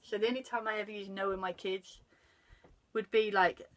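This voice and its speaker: A woman's voice: medium pitch, steady tone, moderate pace, rough recording. A woman, chatting animatedly about parenting and breaking off to greet passers-by. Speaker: parenting guest. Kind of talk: casual chat about parenting.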